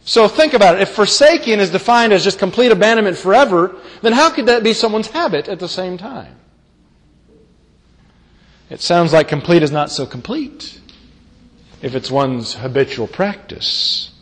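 A man's voice: sits high, animated, moderate pace. A man preaching a sermon, emphatic, who repeats key phrases and asks the listeners rhetorical questions. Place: church meeting hall. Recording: long reverb of a large hall.

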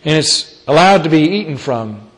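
A man preaching a sermon, reading scripture and retelling it with dramatic storytelling and big swings in pitch and loudness. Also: animated, normal speed. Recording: long hall reverb.

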